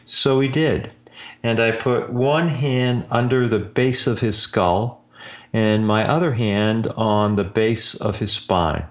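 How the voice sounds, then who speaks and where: A man hosting a show as an energy healer, telling a client story in a slow, drawn-out way. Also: fairly low pitch. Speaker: energy healer radio host. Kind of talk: storytelling monologue. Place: Austin, Texas.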